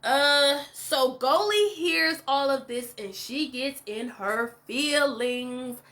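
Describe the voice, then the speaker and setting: A woman's voice: sits high, slow, a bit bright. A woman hosting a casual reality show recap, opinionated and emphatic, full of "like" and "you know". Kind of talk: casual reaction commentary.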